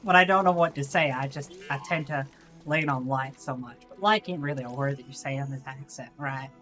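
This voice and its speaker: A woman's voice: very deep voice, fairly quick, a bit bright, faint music behind. A woman streamer putting on a Texas accent, rambling and swearing in a drawl through gaming livestream commentary. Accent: put-on Texas.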